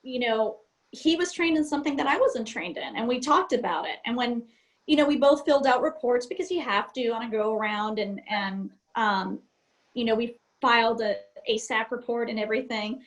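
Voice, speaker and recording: High-pitched middle-aged woman guest, lively storyteller, laughs a lot. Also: normal speed, poor audio. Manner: animated, laughs often, acts out cockpit dialogue. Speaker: airline captain and guest. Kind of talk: casual storytelling interview.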